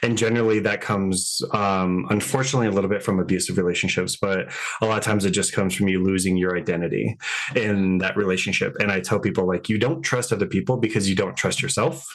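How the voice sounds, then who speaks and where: Husky low-voiced dating coach, a man. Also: steady tone, fast. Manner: chatty, fillers of like, acts out client dialogue. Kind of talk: casual podcast conversation.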